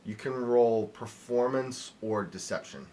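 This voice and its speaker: A young man narrating a tabletop game as game master, relaxed and chuckling, with loose talk full of fillers. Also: mid-range voice, a little slow, slight background noise.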